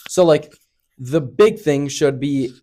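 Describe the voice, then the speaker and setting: A man's voice: on the high side, animated, takes it slowly, dark tone. A young man co-hosting a podcast, chatting casually in a rambling way full of fillers. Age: young adult. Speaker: podcast co-host. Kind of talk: casual chat.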